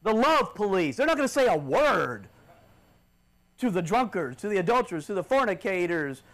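A man preaching a fiery sermon, dropping to low murmurs and then rising to shouts. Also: very animated, moderate pace. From United States.

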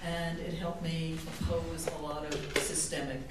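A woman's voice: low voice, level tone, normal speed, very noisy. An older woman from New York City speaking reflectively as a panelist. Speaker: panelist, historian. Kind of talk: casual panel talk. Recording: echoey hall, distant mic.

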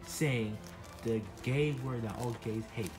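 A man's voice: medium pitch, slow, over music, natural voice. A blunt, scornful teenage puppet boy, acted by a man, who jumps to accusations in a crude comedy skit. His voice stays close to the performer's natural mid-range. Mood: accusing. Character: judgmental teen puppet boy, quick to accuse.

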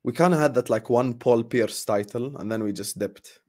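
A young man chats to his audience in a loose, ranting way. He sounds sarcastic and fed up, laughs now and then, and sighs as he trails off. His voice sits in a middle pitch. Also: normal speed, a little mellow. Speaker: football fan vlogger. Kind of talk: casual ranting chat to viewers.

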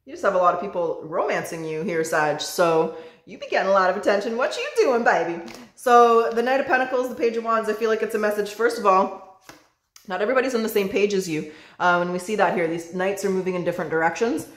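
A woman's voice: medium pitch, fast talker. A woman giving a casual tarot reading, chatty, calling the viewer baby and swearing now and then. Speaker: tarot reader. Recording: roomy echo.

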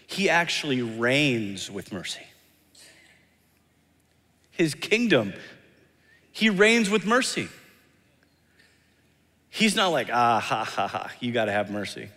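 A man's voice: a little high, sharp tone. A man preaching a sermon as pastor, earnest and emphatic, often repeating key lines and acting out quoted voices. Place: church sanctuary. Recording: long hall reverb.

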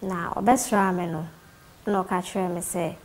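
A woman with a Ghanaian accent slowly telling a personal story in Twi. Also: fairly low pitch, fairly even intonation, darkish tone, low-quality recording. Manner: slow, deliberate storytelling in Twi. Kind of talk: personal testimony.

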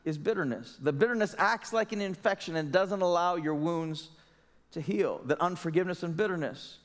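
A man's voice: a little high, moderate pace, in a large hall. A man preaching a sermon as pastor, in an earnest, conversational way with emphatic rhetorical questions. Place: church sanctuary.

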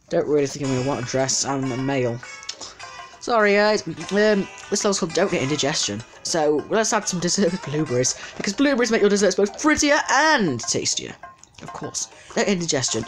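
A man giving casual let's-play commentary, chatty and easily distracted, talking back at the game's customers. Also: high voice. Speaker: gameplay commentator.

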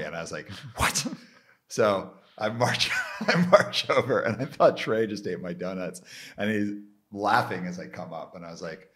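A man from Canada hosting a podcast interview, telling an anecdote in an animated way and laughing along with his own story. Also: low voice. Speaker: podcast host. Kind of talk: casual interview chat.

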